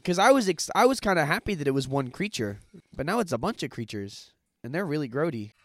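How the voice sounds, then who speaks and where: Loud, squeamish young man on a podcast. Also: a little high, sing-song, fast talker. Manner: exclaims in loud disgust, swears freely. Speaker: podcast co-host. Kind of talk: casual chat.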